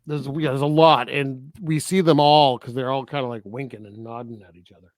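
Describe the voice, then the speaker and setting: A man's voice: medium pitch, fairly even intonation, a little fast, no room sound. A man co-hosting a podcast, casually recapping a movie plot with lots of fillers and frequent laughs. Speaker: podcast co-host. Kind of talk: casual film review chat.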